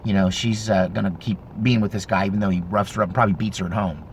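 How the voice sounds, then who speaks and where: A man in his fifties telling a story casually, in a rambling, animated way with frequent self-corrections. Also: on the low side, fast, slight background noise. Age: 50s. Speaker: vlogger.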